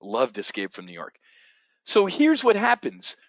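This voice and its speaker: A man's voice: mid-range voice, wildly swooping pitch, measured pace, no room sound, muffled recording. A man hosting a casual live market briefing for options traders, blunt, profane and rambling. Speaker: options trading host.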